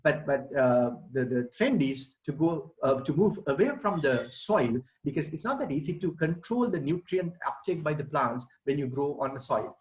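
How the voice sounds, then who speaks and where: A man's voice: on the high side, expressive, normal speed, hardly any pauses, low-quality recording. Sri man explaining gardening. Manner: explanatory, addressing children and parents. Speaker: gardening expert. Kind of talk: online presentation.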